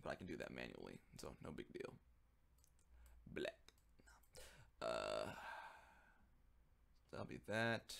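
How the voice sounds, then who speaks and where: A man's voice: very deep voice, huge pitch swings, slow pace, vocal fry, long pauses, a bit bright. A man talking casually on a livestream as he works, rambling, joking and muttering to himself. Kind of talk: casual livestream chat while working.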